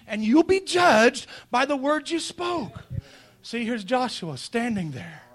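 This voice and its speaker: A man preaching a fervent revival sermon, swinging from shouted climaxes down to low, quiet storytelling.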